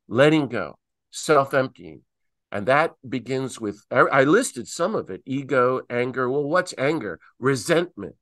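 A middle-aged man, a priest and peace activist, telling stories animatedly and acting out quotes with big swings in pitch, on a video call. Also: fairly bright tone, dry recording, studio quality. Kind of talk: animated talk answering questions.

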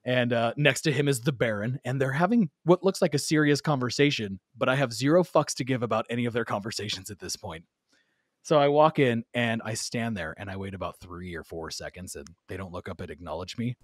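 A man telling a long story in casual podcast chat, animated and laughing as he acts out the quoted lines. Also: mid-range voice, a little fast, no room sound, studio quality.

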